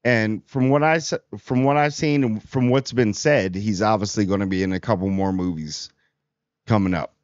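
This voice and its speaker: A man's voice: on the low side, steady tone, normal speed, dry recording. A man giving a casual, rambling movie review in a chatty, amused way. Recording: dry, slightly dull audio.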